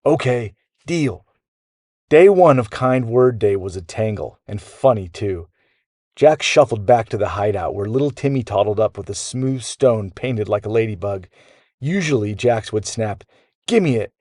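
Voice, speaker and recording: A man with a low, deep voice narrates a children's bedtime story. He tells it in a lively, animated way, recorded close and dry. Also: moderate pace, no room sound.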